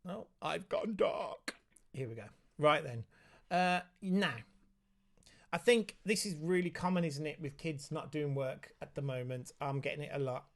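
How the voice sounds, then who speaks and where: A man's voice: on the high side, a little slow. A man hosting a casual live Q&A for parents at home, chatty and easygoing, breaking off to talk to his child. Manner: chatty, reads out viewer comments, talks aside to his child. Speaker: autism specialist hosting a parent Q&A.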